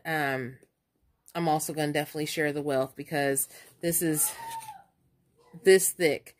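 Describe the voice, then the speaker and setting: A woman chatting excitedly in a casual vlog, stuttering now and then as she leafs through coupon inserts. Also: deep voice. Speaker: couponing vlogger. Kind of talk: casual show-and-tell vlog.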